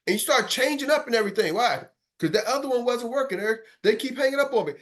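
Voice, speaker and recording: Male sales coach, high voice, energetic motivational talk. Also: fast talker, hardly any pauses. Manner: animated, acts out cold calls in character voices.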